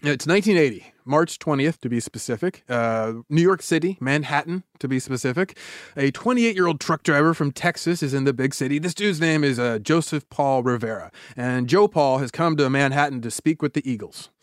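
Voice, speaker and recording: A podcast host, a man, spins a story in a loose, jokey way, packing in fillers and asides. His voice sits a bit higher than most men's. The sound is dry and close, with no room around it. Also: a little fast, no room sound. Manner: animated, joking, filler-heavy. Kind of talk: casual storytelling chat.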